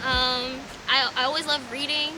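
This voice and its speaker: A woman's voice: high-pitched, level tone, moderate pace, noisy background. A woman from Tampa with a Southern accent performing spoken word poetry in a rhythmic, emphatic way, then chatting about her start. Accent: Southern US, Tampa Florida. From Tampa, Florida. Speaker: poet.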